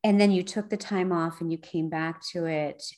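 Low-voiced affirming woman interviewer. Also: steady tone, moderate pace, darkish tone.

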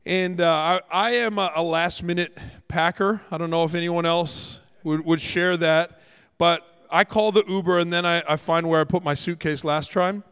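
High-voiced pastor from Canada preaching. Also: male voice, steady tone, moderate pace, fairly bright tone, clean tone. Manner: storytelling, humorous, emphatic. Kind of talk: sermon. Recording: echoey hall.

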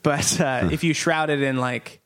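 A man's voice: on the high side, measured pace, a bit bright, clean tone. A man who is a stand-up comedian, chatting casually about his jokes in a rambling way full of fillers, laughing easily.

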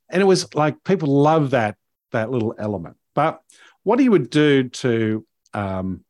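A man's voice: mid-range voice, no echo. Guy rambling through a story on a podcast, dry close sound, lots of um and you know. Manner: rambling, with many fillers and restarts. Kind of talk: casual storytelling chat.

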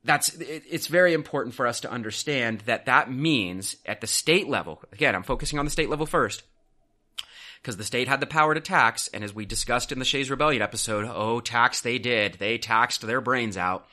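A man hosting a history podcast, talking casually in an animated, sarcastic way. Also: mid-range voice, fairly quick.

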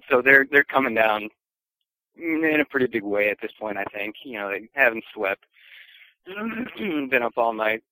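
Chatty man telling a story, crisp voice. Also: medium pitch, no echo, low-quality recording. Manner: relaxed, chatty, acts out quoted voices, chuckles. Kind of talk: casual podcast storytelling.

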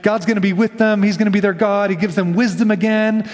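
A man's voice: high voice, fairly even intonation, fast talker, big-room sound. A man preaching a sermon in a casual storytelling way, often slipping into quoted lines. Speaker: pastor.

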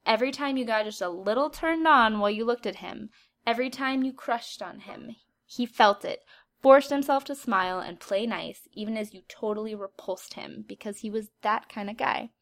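A woman's voice: on the high side, normal speed, a bit bright. A woman voicing a cruel, condescending teenage girl in a storybook reading, sneering as she talks.

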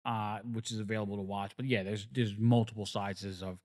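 A man's voice: lowish voice, little pitch movement, fairly quick, darkish tone. A man in a casual film chat, explaining things thoughtfully with frequent hesitations.

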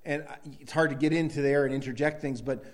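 A middle-aged man delivering a sermon to his congregation. He talks casually, with frequent restarts, then swells into emphatic bursts. His voice sits at an ordinary, medium pitch. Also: fairly even intonation, fast. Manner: conversational preaching with many restarts, rising to emphatic bursts. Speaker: pastor.

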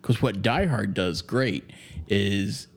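Taking his time in a voice on the low side, this man co-hosts a podcast and reviews a film. The talk is casual and rambling, laced with profanity and plenty of fillers.

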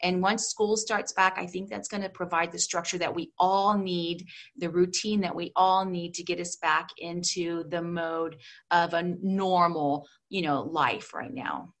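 A woman's voice: fairly low pitch, fairly even intonation, a little slow, fairly bright tone. A woman in her fifties, a homeschooling mother and grandmother, talking as a guest in a casual interview with an earnest, encouraging manner. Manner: earnest, encouraging, with frequent restarts and fillers.

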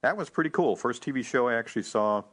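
A man leaving a friendly voicemail for a podcast, unhurried and full of small hesitations. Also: mid-range voice, expressive, fairly bright tone, breathy edge. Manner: easygoing, hesitant with many fillers.

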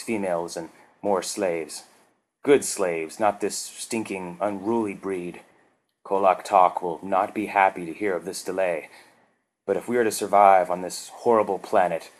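A man voicing a stern male insectoid alien commander who barks orders. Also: low voice.

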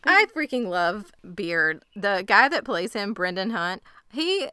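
Woman podcast host, 30s; bright, crisp, dry close sound; bubbly casual recap. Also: medium pitch, very animated, slow, no room sound. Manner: bubbly, acts out quoted lines.

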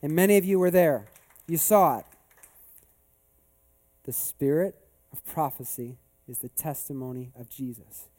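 High, mellow-voiced male pastor preaching. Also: lively intonation, a little slow, pauses often. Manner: conversational storytelling building to emphatic rhetorical questions. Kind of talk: sermon. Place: church service.

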